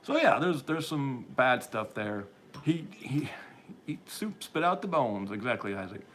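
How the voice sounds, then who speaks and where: A man's voice: mid-range voice, sing-song, unhurried, fairly bright tone, slight background noise. A man hosting a livestream, rambling through opinionated commentary as he reads and answers viewer chat, often restarting sentences and chuckling. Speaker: livestream host reading chat.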